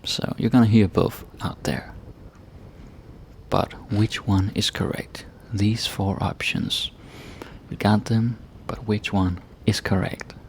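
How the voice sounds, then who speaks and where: A man teaching a casual grammar lesson, relaxed and checking in with "right?" and "eh?" as he explains. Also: on the low side, takes it slowly, a little hiss or hum. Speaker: language teacher.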